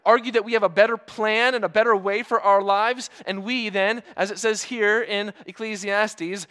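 High-voiced man preaching with emphatic pauses. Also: fairly even intonation, bright, forceful tone, clear, resonant tone. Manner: earnest, emphatic, rhetorical questions with dramatic pauses. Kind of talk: sermon.

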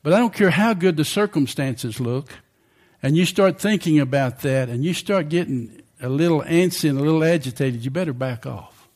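A man's voice: a little high, lively intonation, normal speed, darkish tone. An older man preaching a sermon in a conversational way, often asking the congregation questions.

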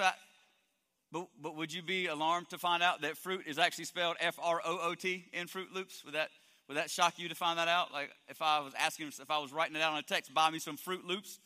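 Bright-voiced pastor man in a reverberant hall. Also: on the high side. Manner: energetic, joking with the congregation. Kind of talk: sermon. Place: church hall.

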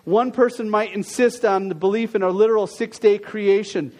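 A man preaching a sermon, opening with a prayer, then asking the congregation a string of questions. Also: sits high. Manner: earnest, questioning, drops softer in prayer. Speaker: pastor.

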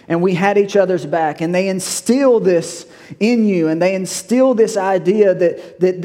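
A middle-aged pastor preaching a sermon, telling folksy stories with laughs and shouted drill calls. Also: male voice, high voice.

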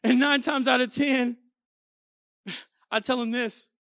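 A young adult man preaching an energetic sermon, telling stories with playful asides. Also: very high-pitched, slow, no echo, clean studio sound. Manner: animated storytelling with playful asides. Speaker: pastor.

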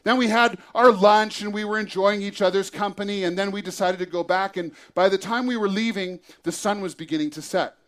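A man, a pastor, telling a lively personal story in a church sermon and acting out the scene. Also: sits high, fairly quick, few pauses.

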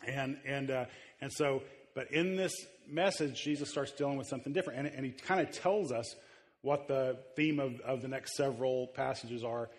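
A man preaching to his church in an easygoing, halting manner, often stopping and restarting mid-thought. His voice sits at an ordinary middle pitch. Long reverb from the large hall trails after his words. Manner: conversational, halting with many fillers and restarts. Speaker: pastor. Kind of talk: sermon. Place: church sanctuary.

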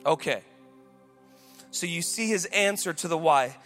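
High, bright-voiced man preaching. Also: unhurried, soft background music. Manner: energetic, rising to loud emphatic peaks. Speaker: pastor. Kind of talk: sermon.

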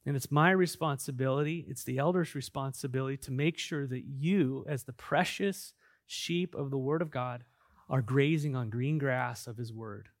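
A male pastor delivers a sermon in a middle-pitched voice, earnest and emphatic. He slides from soft, slowed passages into louder bursts of conviction. The sound is dry and close, with no room around it. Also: dry recording. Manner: earnest, emphatic preaching that swings between soft and loud.

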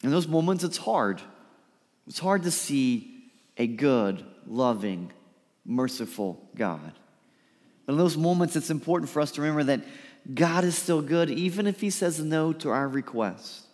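A man preaching a sermon, lively and emphatic, sometimes dropping to a soft pleading voice to act out a quote. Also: on the high side, a little slow. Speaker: pastor. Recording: reverberant hall.

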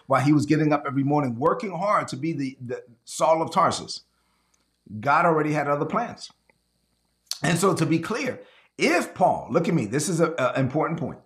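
A man preaching a sermon to a livestream audience, emphatic, slowing down to stress key words. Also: a little high, fairly bright tone. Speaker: pastor.

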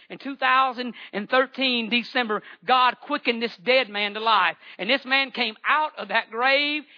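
Man, 40s, very high sharp voice, fervent stammering church testimony, dull lo-fi recording. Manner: fervent, repetitive, stammering restarts. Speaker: layman giving testimony in church. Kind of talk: impassioned testimony sermon.

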